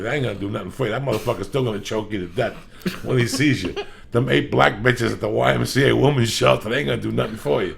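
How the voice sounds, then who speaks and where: Podcast host, male, gravelly, swears constantly in loud comic tirades. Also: mid-range voice. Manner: loud, profane, ranting. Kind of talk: profane comedic rant.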